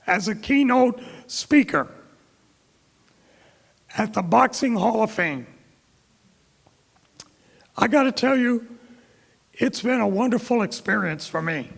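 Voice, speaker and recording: A middle-aged man from Florida tells stories from a podium in a slow, measured way. His fairly high voice has a gravelly edge. The sound rings with the long echo of a big hall. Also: a bit bright. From Tampa, Florida. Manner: anecdotal, quotes others in dialogue. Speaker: keynote speaker. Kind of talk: storytelling speech. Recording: reverberant hall.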